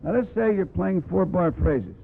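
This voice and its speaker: A man with a high, gravelly voice talks a room of brass students through breathing in a blunt, wry way, scatting phrases to show what he means. The recording is a tinny, phone-like archival tape with a faint hiss underneath. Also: normal speed. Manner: plainspoken and wry, scats phrases to demonstrate. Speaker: brass instructor giving a clinic. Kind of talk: blunt, conversational teaching talk.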